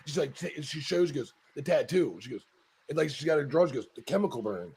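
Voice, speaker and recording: A man's voice: on the high side, expressive, fast talker, vocal fry, breathy edge. A man hosting a casual talk show, rambling profanely with many restarts as he argues his point. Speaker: podcast host. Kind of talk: casual chat.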